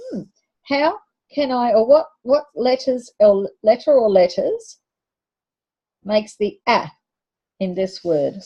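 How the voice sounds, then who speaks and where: A woman's voice: fairly high pitch, dark tone, breathy edge, highs cut off. A woman teacher giving a patient phonics lesson to young children, sounding out letters and words.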